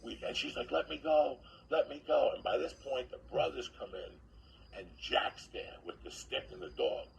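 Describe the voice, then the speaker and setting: Gravelly, animated male storyteller. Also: medium pitch, moderate pace, a little hiss or hum, poor audio. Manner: animated, acts out other people's lines in quotes. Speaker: comedian telling a story. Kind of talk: profane comic storytelling.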